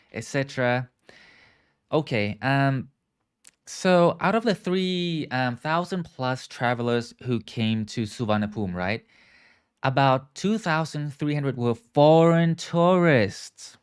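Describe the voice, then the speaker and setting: In a live online English lesson, a man with a clear, resonant, medium-pitched voice explains words and has viewers repeat after him, checking in often with "okay" and "right."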